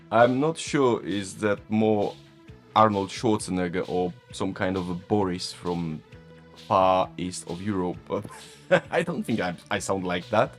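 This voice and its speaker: A man with a Polish accent, whose first language is Polish, chatting casually about tech and often chuckling at himself. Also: fairly low pitch. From Poland. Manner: chuckling, self-mocking. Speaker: tech vlogger. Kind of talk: casual chat. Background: faint background music.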